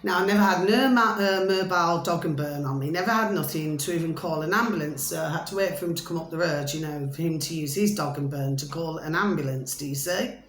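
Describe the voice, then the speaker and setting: A woman's voice: deep voice, fast talker, few pauses, slight background noise. A woman telling a long story to her viewers in a chatty, repetitive way, constantly checking that they follow along. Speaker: vlogger. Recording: roomy echo, faint ambience.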